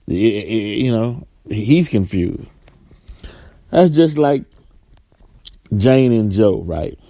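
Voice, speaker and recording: A man's voice: on the low side, lively intonation, drawn-out words, warm tone, no room sound. A man hosting a talk radio show, rambling through his points and often tagging them with "right?". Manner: rambling, keeps asking "right?".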